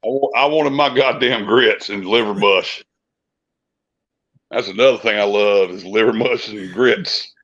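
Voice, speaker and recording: A man's voice: fairly low pitch, measured pace, a bit bright, muffled recording. A man telling rambling, profane stories in a casual chat. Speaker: podcast co-host, musician.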